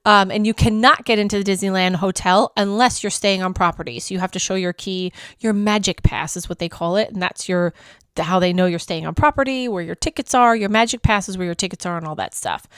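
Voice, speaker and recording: A woman hosting a travel vlog, telling her trip story in a chatty, animated way, poking fun at herself and laughing often. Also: mid-range voice, fairly quick, clear, resonant tone, dry recording, clean studio sound. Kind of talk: casual storytelling review.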